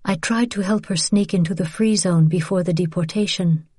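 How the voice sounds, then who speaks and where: A woman's voice: on the low side, moderate pace, a little mellow, husky, no echo, clean studio sound. A woman reading the part of a young mother who speaks earnestly and pleads with feeling. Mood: earnest pleading.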